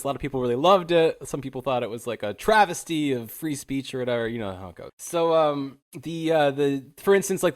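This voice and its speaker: A young man hosting a podcast, narrating history in a loose, wry way with plenty of fillers and small laughs. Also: fairly high pitch. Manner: casual and wry, with many fillers and chuckles. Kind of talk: casual chat.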